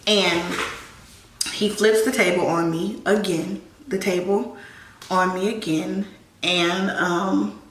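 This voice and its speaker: A woman vlogger telling a personal story in a get-ready-with-me video, talking in a raw, halting way and often repeating herself. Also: on the low side, fairly even intonation, fairly bright tone, slight background noise. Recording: echoey room, mic at a distance.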